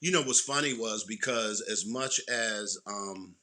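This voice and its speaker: A middle-aged man with a Baltimore accent, co-hosting a casual show and telling stories in an animated way while repeating his words. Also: fairly low pitch, a little slow. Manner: animated, repeats words, keeps the audience close. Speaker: podcast co-host. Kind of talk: casual storytelling chat.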